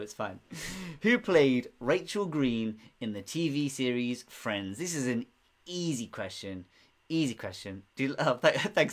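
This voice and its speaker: A young man runs a live-streamed pub quiz from home. He chats loosely, laughs a lot and answers viewers' comments as he goes. His voice sits at a middling pitch. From United Kingdom. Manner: chatty, giggly, reads out comments. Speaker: quiz host.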